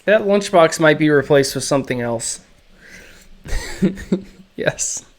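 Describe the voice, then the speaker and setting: A man streaming live as he draws, chatting casually in slow, musing, self-critical asides, his throat feeling a little off. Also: on the high side, animated. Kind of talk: casual live-stream chat while drawing.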